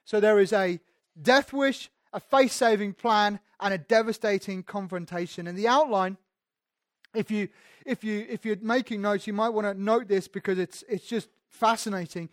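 A man's voice: high voice, moderate pace, no echo, studio quality. A man preaching a sermon in a conversational teaching manner, speaking directly to his listeners.

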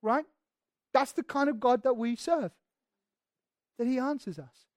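A preacher giving an expository sermon in a conversational, emphatic way, often restarting phrases and acting out quoted speech with sudden swings in loudness. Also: high voice, measured pace, no room sound, studio quality. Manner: acts out quoted speech with sudden shifts in volume.

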